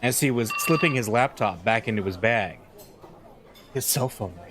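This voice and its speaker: Man, let's play narration, animated, chuckling, casual reading. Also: mid-range voice, moderate pace, a crowd in the background. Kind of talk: reading a visual novel aloud with casual commentary.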